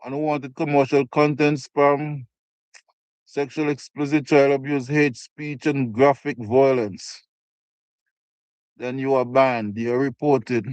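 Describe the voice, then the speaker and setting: A man's voice: medium pitch, flat delivery, takes it slowly, a little mellow, smooth, no echo, dull audio. A man from Canada hosting a casual live stream, chatting with viewers, thanking them by name and reading comments aloud as he eats. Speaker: livestream host. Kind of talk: casual live chat while eating.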